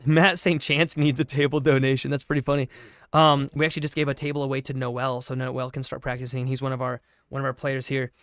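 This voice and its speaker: A man hosting a live stream, commenting on play and reading out the chat with quick asides. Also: mid-range voice, clean tone, dry recording. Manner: excitable, reads chat aloud, quick asides. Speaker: livestream host and commentator.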